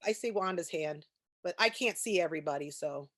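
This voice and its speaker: A woman's voice: lowish voice, a little fast, fairly bright tone. A woman presenting a training session over a video call, explaining ideas through personal anecdotes. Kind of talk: conversational lecture.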